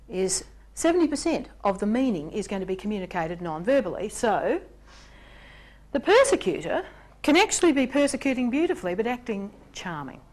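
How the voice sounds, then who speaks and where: A woman presenting a relationships workshop in an animated way, acting out examples in character voices. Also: medium pitch. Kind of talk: lecture on relationships.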